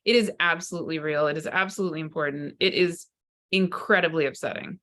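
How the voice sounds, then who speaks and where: A woman who is a psychotherapist and spiritual teacher gives an unscripted spiritual talk to camera, earnest and searching, often restarting her sentences. Her voice sits low and is a bit bright, with fairly even intonation and a quick pace.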